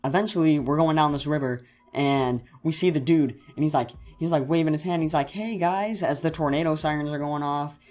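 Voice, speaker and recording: A man's voice: a little high, fairly quick, few pauses, soft background music. Rambling teenage boy telling a story. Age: teens. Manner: rambling, animated, self-correcting storyteller. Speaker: channel host. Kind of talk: casual storytime vlog.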